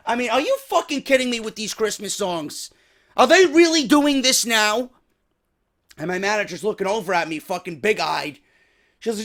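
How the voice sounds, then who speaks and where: A man in his thirties with a New York accent and a hoarse voice, telling a story as a profane, angry rant with loud bursts. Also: extremely high pitch, expressive, fairly quick. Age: 30s. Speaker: wrestling podcast host.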